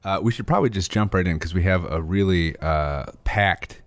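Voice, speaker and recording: A man hosting a podcast, chatting casually with a deadpan, sarcastic sense of humor. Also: deep voice, moderate pace, dry recording. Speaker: podcast host.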